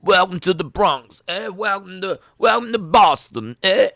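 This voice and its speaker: A man putting on a brash, high American drawl. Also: animated, unhurried, vocal fry, no room sound, full character voice. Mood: hammy. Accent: put-on American. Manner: loud, hammy and joking. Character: brash adult American man, cowboy and city guy.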